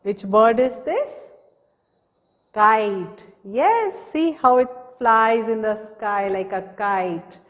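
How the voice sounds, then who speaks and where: A woman's voice: mid-range voice, takes it slowly, fairly bright tone, long reverb tail. A woman teaching a recorded lesson to small children, patiently asking questions and repeating the answers. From India. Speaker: preschool teacher.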